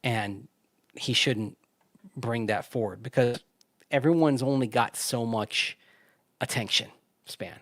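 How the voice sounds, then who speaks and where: A man's voice: medium pitch, slow pace, long pauses, fairly bright tone, no echo, clean studio sound. Chatty male sports radio host. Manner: chatty, laughs often, restarts his sentences. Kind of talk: casual sports talk.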